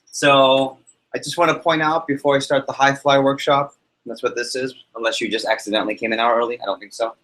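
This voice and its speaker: In a rough recording, a man with a medium-pitched, brisk voice runs a live sales workshop for an audience in a meeting room. His motivational talk is energetic, built on stories and questions to the room.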